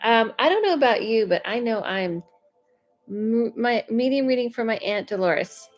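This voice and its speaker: A woman giving live psychic readings to viewers, chatty and unhurried with frequent fillers. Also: on the high side, animated, faint music behind, low-quality recording. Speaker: psychic medium.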